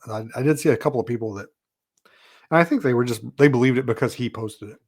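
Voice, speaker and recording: A man's voice: medium pitch, quick pace. A man hosting a podcast, talking in a casual, rambling monologue full of "you know" and "uh", frank and a little exasperated. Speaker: podcast host.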